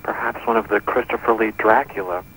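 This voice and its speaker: A man's voice: lowish voice, fairly even intonation, brisk, a bit bright, slightly rough, rough recording. A man giving wry, musing commentary between answering-machine messages. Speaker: tape compiler commenting. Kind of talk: casual commentary.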